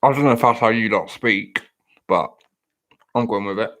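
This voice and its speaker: A man's voice: fairly low pitch, normal speed, fairly bright tone. West country guy bantering, lots of laughs, bit sweary. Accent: West Country English. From South West England. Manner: jokey, laughs often, swears. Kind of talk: casual banter.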